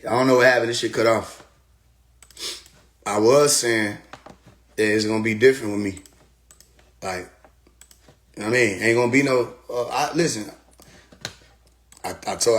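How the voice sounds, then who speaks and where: A man talking on a phone livestream in a loose, animated rant, swearing freely and laughing at his own jokes. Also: mid-range voice. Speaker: live streamer.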